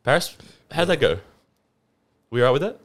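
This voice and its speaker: A man's voice: mid-range voice, normal speed. A man co-hosting a podcast, teasing his friends in casual banter. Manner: teasing, laughing, very lively. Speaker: podcast co-host.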